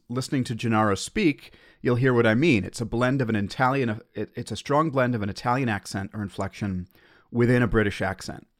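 An American man hosting a podcast, talking through his thoughts in a wry, self-questioning solo monologue. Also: on the low side. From United States. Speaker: podcast host.

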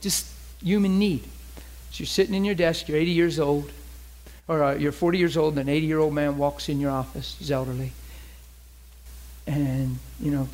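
A man's voice: on the high side, steady tone, moderate pace, darkish tone. A man preaching a sermon, acting out little scenes and dialogue in different voices.

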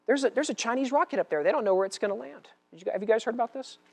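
A man preaching a sermon with lively conviction. He booms out big declarations, then drops to quiet, confiding asides, and slips in humor along the way. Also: rapid-fire, vocal fry. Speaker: pastor.

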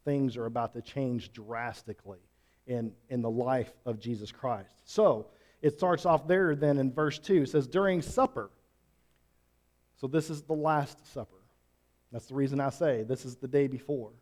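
A man's voice: medium pitch, normal speed, a little mellow. A man teaching a Bible passage in a folksy, conversational way, with asides and restarts. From Switzerland. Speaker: pastor.

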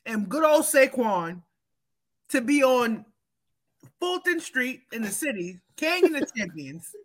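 A woman co-hosting a casual sports chat, talking loudly and emphatically, laughing often and swearing freely. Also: sits high. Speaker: podcast co-host.

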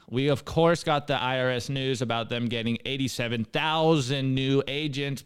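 A young man with a smooth, resonant voice talks through memes in a loose, casual way. He laughs often and trips over his words, with an easygoing co-host delivery. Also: medium pitch. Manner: chatty, laughs often, restarts. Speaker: podcast co-host. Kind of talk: casual meme review chat.

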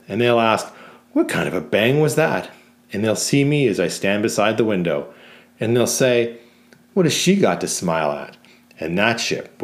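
A man reading the part of a young bride who performs a slow, mocking song about a barmaid's revenge. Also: fairly low pitch, natural voice. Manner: theatrical, slow, mocking storytelling.

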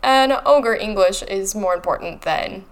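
A woman co-hosting a casual book podcast, full of animated, sarcastic complaints. Her voice sits at a middle pitch and she talks freely, building up to exasperated bursts. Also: a little slow. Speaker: podcast co-host.

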